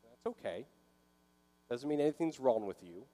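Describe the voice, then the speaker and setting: A man's voice: medium pitch, lively intonation, moderate pace, mellow. A man preaching a sermon in a conversational way, sometimes acting out inner voices. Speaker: pastor. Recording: long hall reverb.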